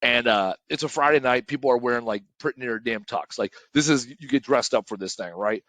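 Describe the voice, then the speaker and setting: Fast-talking, blunt, profane man. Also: medium pitch, fairly bright tone, dry recording. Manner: blunt, profane, storytelling, repeats himself. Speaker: podcast co-host, demolition company owner. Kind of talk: casual podcast chat.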